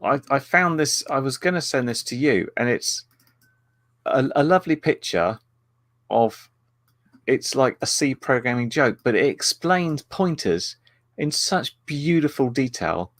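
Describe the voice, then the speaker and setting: Male co-host, lively up-and-down pitch, jokey explainer, dry close mic. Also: measured pace, dry recording. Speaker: podcast co-host. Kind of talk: casual chat.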